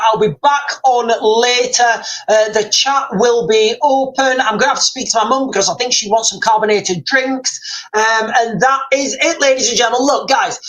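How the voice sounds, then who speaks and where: A man hosting a livestream, chatting casually and reading out viewer comments in a rambling, excitable way with lots of repeats and fillers. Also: extremely high pitch, rough recording. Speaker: livestream host.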